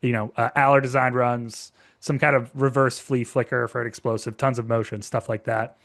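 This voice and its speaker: A man's voice: mid-range voice, level tone, moderate pace, a bit bright. A man from the northeastern US co-hosting a sports podcast, giving confident, analytical opinions in a casual tone. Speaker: podcast co-host.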